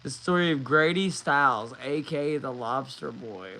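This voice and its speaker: A man's voice: mid-range voice, normal speed, gravelly, bright, forceful tone. Swearing man on a livestream. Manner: profane, laughing, rambling. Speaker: livestream host. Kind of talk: casual livestream chat.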